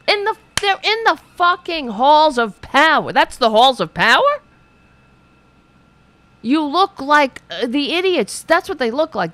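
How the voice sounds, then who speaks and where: A woman's voice: a little high, fairly bright tone, no room sound. A woman hosting a political show, ranting in a profane, sarcastic, exasperated way while reading viewers' chat.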